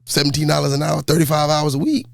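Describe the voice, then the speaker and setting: A man, a basketball coach telling his life story in a laid-back, animated way during an interview. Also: fairly high pitch, fast talker, gravelly, no room sound. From New York. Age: 40s. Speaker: high school basketball coach.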